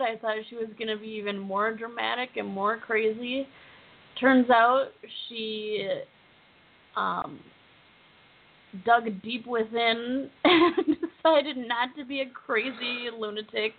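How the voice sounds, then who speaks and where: A woman's voice: fairly high pitch, slow. A woman co-hosting a podcast, chatting casually and bluntly. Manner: blunt, dismissive. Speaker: podcast co-host. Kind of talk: casual chat recapping a reality show. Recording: tinny phone-like line.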